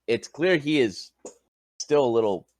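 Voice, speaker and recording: A man acting as game master, narrating a tabletop game in a relaxed, plain way. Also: mid-range voice, a little slow, no echo.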